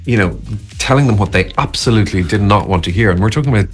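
Guy in his 40s or so, deep low voice, stops and restarts a lot, chatting about his work. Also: fast, faint music behind. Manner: hesitant, restarts often, thoughtful. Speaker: actor, interview guest. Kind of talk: casual conversational interview.

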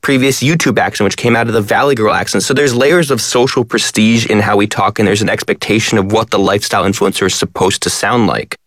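A man talks fast as he explains ideas on a radio show. He leans on many words. His voice sits a bit low and sounds dry and close to the mic. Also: steady tone, fairly bright tone, no echo. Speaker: guest, language content creator. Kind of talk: radio interview.

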